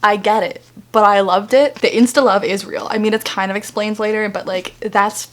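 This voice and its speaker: A woman's voice: mid-range voice, steady tone, normal speed. A woman of twenty-two chatting casually at home on her couch, reading out book reviews with lots of "like". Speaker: book vlogger.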